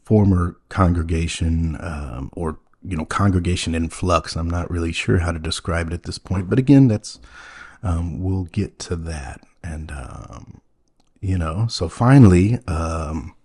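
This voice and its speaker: A man hosting a comedy podcast, telling a story in a halting, earnest and naive way, full of ums and you-knows. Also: low-pitched, darkish tone, husky. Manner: earnest, wide-eyed naive. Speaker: podcast host playing a naive character.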